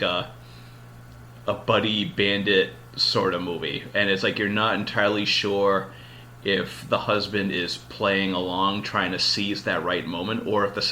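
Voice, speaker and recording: Male podcast host, loose rambling storyteller, lower pitch with a sharp, forceful tone. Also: a little hiss or hum. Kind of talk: casual chat.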